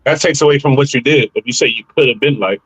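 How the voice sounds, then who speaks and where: A man's voice: mid-range voice, fairly bright tone, husky, no room sound, low-quality recording. A man co-hosting a podcast, cutting into a clip with blunt, mocking commentary. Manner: pauses a clip to jump in with blunt, mocking remarks. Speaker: podcast co-host.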